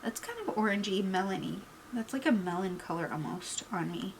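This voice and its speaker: A woman's voice: mid-range voice, lively intonation, rough recording. Woman, beauty vlogger, candid and reflective, teary-eyed; faint room noise. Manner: candid, reflective, trailing off into pauses. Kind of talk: casual get-ready-with-me chat.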